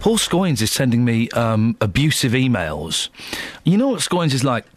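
Animated male radio host, stammering. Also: medium pitch, moderate pace, music in the background. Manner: lively, stammering, self-deprecating banter. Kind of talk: casual radio chat. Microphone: studio microphone.

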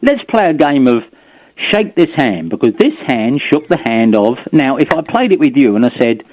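A man's voice: mid-range voice, very animated, normal speed, darkish tone, a little hiss or hum. Rambling fifty-something man on a dull line. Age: 50s. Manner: rambling, stammering restarts, chuckles often. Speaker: guest, broadcaster and author. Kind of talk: casual radio chat.

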